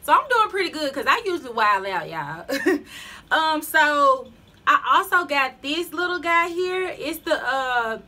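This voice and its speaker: Young southern woman, high bright voice, kinda out of breath, chatty haul vlog. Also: sing-song, measured pace. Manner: chatty, laughing, addresses viewers as y'all. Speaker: beauty vlogger.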